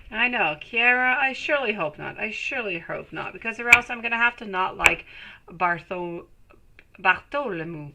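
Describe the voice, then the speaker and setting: A woman's voice: fairly low pitch, very noisy. A woman giving a live-streamed tarot reading, chatting with viewers and calling them sweetie as she reads the cards. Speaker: tarot reader.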